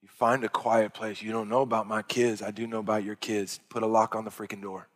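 A male pastor preaching a sermon, rising to loud, high-pitched exhortation and dropping to hushed, quiet passages. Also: flat delivery, fairly quick. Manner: impassioned preaching that swells loud and high, then drops to hushed tones. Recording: long hall reverb.

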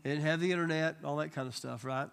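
A man with a somewhat high voice teaches a church Bible study group. He tells healing stories with animated energy and slips into quick quoted voices. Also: vocal fry, clean tone.

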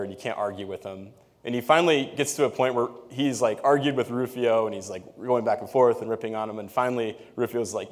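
Conversational man preaching a sermon. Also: mid-range voice. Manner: conversational, animated, laughs, reads scripture aloud. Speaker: pastor.

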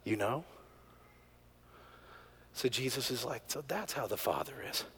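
A middle-aged male pastor preaching a sermon, telling a family story, moving from hushed, quiet moments to loud, excited peaks. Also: medium pitch, a little slow, slight background noise. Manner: animated storyteller, swings from hushed to near-shouting.

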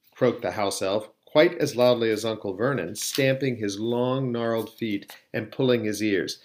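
A man narrating a novel aloud at a steady pace, with a few small slips on words. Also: fairly low pitch, a little slow, hardly any pauses. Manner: steady, occasionally slipping on words. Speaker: audiobook reader. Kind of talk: storybook narration.

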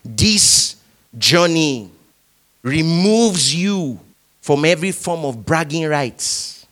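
Male pastor, high and animated delivery, call-and-response sermon. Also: slow. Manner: animated preaching, leads the congregation in repeating lines.

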